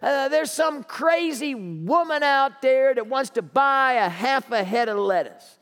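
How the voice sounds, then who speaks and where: A man voicing a quick-witted young grocery stock boy who talks in a flustered, then smooth, way. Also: very high-pitched, lively intonation, a bit bright, pitched above the performer's own voice, full character voice. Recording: echoey hall reverb.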